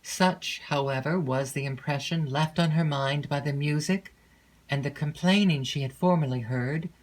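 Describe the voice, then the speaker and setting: A woman narrating a classic gothic novel in an unhurried, measured storytelling voice. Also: deep voice, low-quality recording. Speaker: audiobook narrator.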